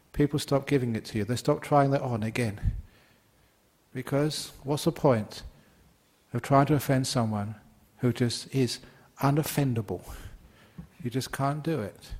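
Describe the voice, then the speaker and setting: A man's voice: mid-range voice, darkish tone. A man, a Buddhist monk, giving a dharma talk and telling stories playfully while laughing at his own jokes.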